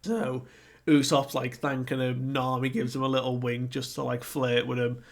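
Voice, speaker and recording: A man casually recapping a manga chapter, animated and often laughing, with lots of fillers. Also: medium pitch, normal speed, vocal fry. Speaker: manga reviewer. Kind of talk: casual recap with acted quotes.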